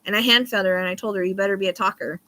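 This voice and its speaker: Bright-voiced rambling woman livestreaming. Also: medium pitch, steady tone, rapid-fire. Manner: rambling, often loses her train of thought; laughs easily between thoughts. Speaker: psychic livestream host. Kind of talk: casual live-stream chat.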